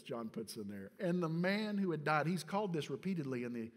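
A man pastor preaching a sermon to his congregation. He moves between hushed, quiet stretches and shouted climaxes, and often calls on the people directly for a response. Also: on the high side, lively intonation, fairly quick, few pauses. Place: church sanctuary. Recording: church hall reverb.

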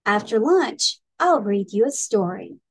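A woman's voice: medium pitch, sing-song, a little slow, no room sound. A woman reading aloud and voicing a friendly, kind female snail in a storybook.

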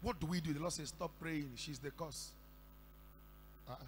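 A Nigerian man preaching a sermon, telling stories and breaking into shouted declarations. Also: fairly high pitch, normal speed. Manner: storytelling with sudden shouted declarations. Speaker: pastor. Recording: echoey hall with faint hum.

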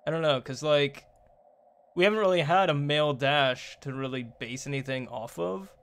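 A man's voice: on the high side, moderate pace, a bit bright. A man streaming a game, reading its text aloud and answering viewer chat in a rambling way with many fillers and restarts. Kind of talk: casual live-stream chat while playing.

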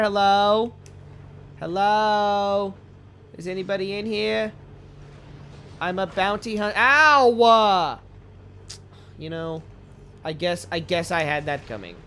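A young man casually commentating a video game, joking and swearing, with sudden goofy shouts. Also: high-pitched, a little hiss or hum. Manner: joking, profane, playful bursts of goofy shouting. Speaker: let's play gamer.

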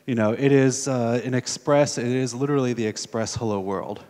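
In a conference hall, an American man from the United States casually talks through a live coding demo, thinking aloud as he types and using many fillers. His voice is mid-range and darkish at a moderate pace, with long hall reverb from the conference room.

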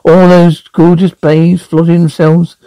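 Man as a snarling crude radio-drama dummy, gravelly and dark. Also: a little high, level tone, unhurried, no room sound, low-quality recording. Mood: boastful. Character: vicious foul-mouthed male ventriloquist dummy, taunting.

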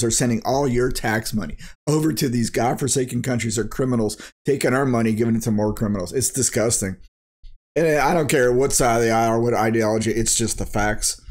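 A man's voice: mid-range voice, darkish tone. A man recording a crypto vlog, talking in a blunt, worked-up rant full of slang and sound effects. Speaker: crypto YouTuber. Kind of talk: ranting market commentary vlog.

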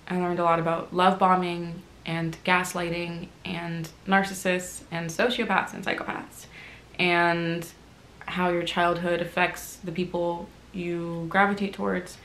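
Young woman, low voice, emotional, slightly teary, candid vlog, echoey room. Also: a little hiss or hum. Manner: emotional, open, swings from quiet reflection to loud self-mocking. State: teary, recovering from crying. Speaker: vlogger.

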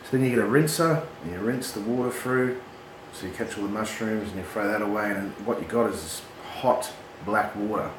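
Australian bloke, middle-aged, crude animated storyteller, echoey room with clear background noise. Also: male voice, on the low side, fairly quick, few pauses. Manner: swearing, animated, laughs at his own yarns. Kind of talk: casual storytelling.

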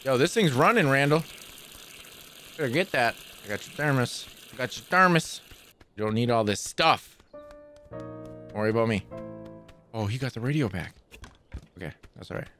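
A man hosting a gaming channel, giving playful, excitable let's play commentary full of trash talk. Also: mid-range voice, moderate pace, pauses often, faint music behind.

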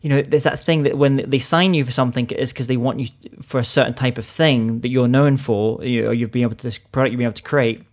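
Male host, mid-pitched, chatty interviewer with frequent restarts. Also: fairly even intonation, fast talker, hardly any pauses. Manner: conversational, many restarts. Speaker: podcast host. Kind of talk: casual interview chat.

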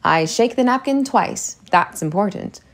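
Spirited young heroine, lively and teasing, slight fry read by a woman. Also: mid-range voice, measured pace. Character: spirited, witty teenage girl heroine.

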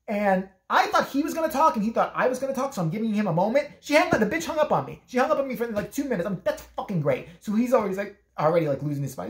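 Fast, animated woman telling a story. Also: mid-range voice, reverberant. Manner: profane, animated, acts out both sides of calls. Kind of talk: casual storytelling monologue.

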